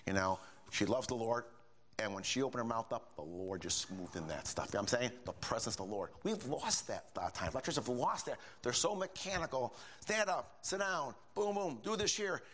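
An older man delivers a sermon with a lively, swooping voice that jumps up high for emphasis. He talks in a folksy, conversational way, full of asides to his listeners. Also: a little fast. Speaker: preacher.

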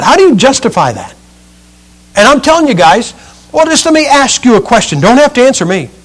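High-voiced man preaching a sermon. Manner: emphatic, swings between loud and hushed.

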